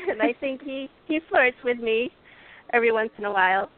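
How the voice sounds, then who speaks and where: A woman's voice: fairly high pitch, sing-song, normal speed. A woman calling in to a radio show, asking her question hesitantly with many ums. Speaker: caller. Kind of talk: call-in question. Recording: tinny phone line.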